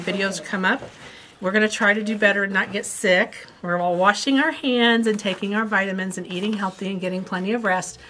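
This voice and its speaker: A chatty woman hosts a quilt shop video, rambling along with playful asides about fabrics and kits. Her voice sits at an everyday middle pitch, with a faint hiss of noise behind it. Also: a bit bright. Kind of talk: casual product chat.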